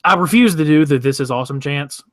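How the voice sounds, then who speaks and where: A man's voice: fairly high pitch, fast, no echo, studio quality. A man co-hosting a casual wrestling podcast, easygoing and enthusiastic. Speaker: podcast co-host.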